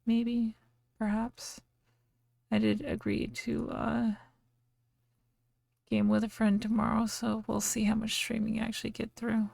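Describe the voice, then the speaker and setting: A drowsy woman game streamer talks casually to her chat, rambling and trailing off between yawns. Her fairly high voice is thick with gravelly fry and a husky edge. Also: completely flat delivery, unhurried, long pauses, darkish tone, no room sound. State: sleepy, yawning.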